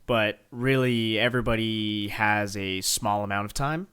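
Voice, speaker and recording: A man's voice: lowish voice, fairly even intonation, measured pace, fairly bright tone, clean tone. A man co-hosting a podcast, sharing film trivia with enthusiasm in a casual chat and laughing easily. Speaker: podcast co-host.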